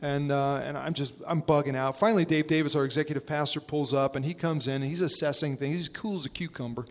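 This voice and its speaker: A man's voice: fairly high pitch, fairly even intonation, fast, long reverb tail. A male pastor preaching a sermon in a conversational, storytelling way, with plenty of fillers and restarts.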